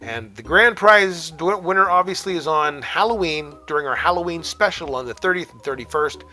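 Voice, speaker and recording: A man hosting a call-in aftershow podcast takes phone calls and does sponsor reads, chatting in an upbeat, rambling, radio-style way full of fillers and laughs. His voice is a little high and sharp, with lively intonation at normal speed.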